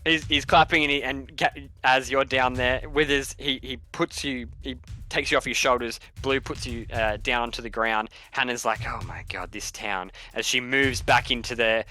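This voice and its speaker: A man's voice: mid-range voice, steady tone, pushed and bright. A man running a tabletop game as dungeon master, narrating in a rambling way with many restarts. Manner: rambling, many restarts, puts on quick voices for townsfolk.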